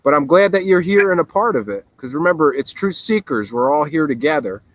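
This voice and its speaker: A man hosting a call-in show in casual chat, recorded on a laptop outdoors by a fire in the mountains, relaxed and easily amused. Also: a little high, a little fast, rough recording. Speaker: host. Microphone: laptop mic.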